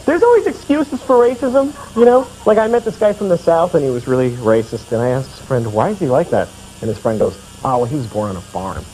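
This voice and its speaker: A male comedian with a high voice that swings widely up and down as he tells stories. He slips into shouted, exaggerated character voices and laughs through his own punchlines. The recording carries clear background noise. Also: animated, a little fast. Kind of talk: stand-up and talk-show storytelling.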